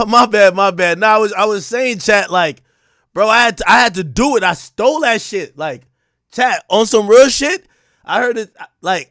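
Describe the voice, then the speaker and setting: Excitable high-voiced man reacting on stream. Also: no echo, studio quality. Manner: excitable, profane, slangy, repeats himself. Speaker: livestream host. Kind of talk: casual livestream reaction commentary.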